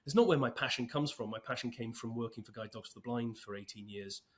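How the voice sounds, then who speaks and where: A man's voice: mid-range voice, fast. A man in his fifties, a podcast guest talking casually with light, self-deprecating humor. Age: 50s. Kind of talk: casual interview talk.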